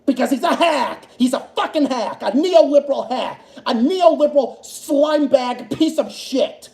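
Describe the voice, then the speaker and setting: Guy ranting on his stream, angry and sweary, high voice, echoey room. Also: expressive, a little slow, creaky, darkish tone. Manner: angry, profane, repeats himself. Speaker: livestream host. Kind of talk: solo political rant stream.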